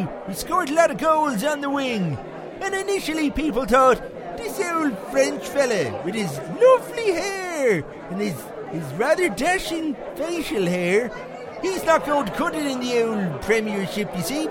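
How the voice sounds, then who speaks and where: Brief: man doing a lively, shouting Irish pub storyteller, old-tale flourish, busy bar behind. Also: exaggerated voice. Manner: hammy mock-medieval booming declamation. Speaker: pub storyteller segment regular. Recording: noisy crowded pub background.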